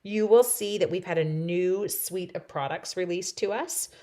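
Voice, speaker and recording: A woman with a slightly low voice hosts a live craft session from her home craft table. She chats freely and giggles, answering viewer comments while she stamps and cuts. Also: normal speed, mellow. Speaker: stamping demonstrator hosting a craft livestream. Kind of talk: casual live-stream chat while crafting.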